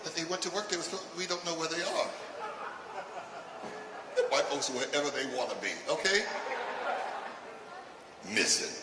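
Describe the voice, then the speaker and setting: Older male stand-up comic, high-ish voice, blunt and provocative, heard from afar in a roomy, noisy live venue. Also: lively intonation, moderate pace, pauses often, over a noisy crowd. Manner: provocative, punchy delivery with bursts of shouting. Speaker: stand-up comedian. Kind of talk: stand-up routine. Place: live comedy stage. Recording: echoey live venue from a distance with noise.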